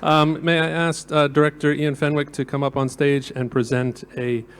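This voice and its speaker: A man's voice: a little high, level tone, moderate pace, clear, resonant tone. A man moderating an event, politely calling guests onto the stage and making announcements. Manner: polite, inviting people on stage.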